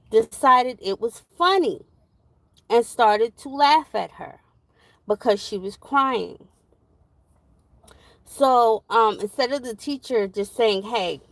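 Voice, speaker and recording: A young woman recounts a family story in a casual vlog. She speaks slowly, in a fairly high voice. Her telling rambles and grows animated, with plenty of fillers. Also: vocal fry, no room sound, low-quality recording. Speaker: parent vlogger.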